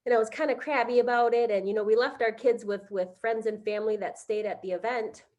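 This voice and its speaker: A middle-aged woman on a video call, telling a heartfelt personal story on a panel, halting with many fillers. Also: fairly high pitch, steady tone, darkish tone, lo-fi sound. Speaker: conference panelist.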